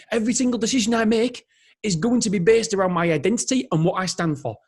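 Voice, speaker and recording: Energetic man, higher voice. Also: slightly rough. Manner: energetic, rambling, self-interrupting. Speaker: podcast host. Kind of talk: solo motivational podcast monologue.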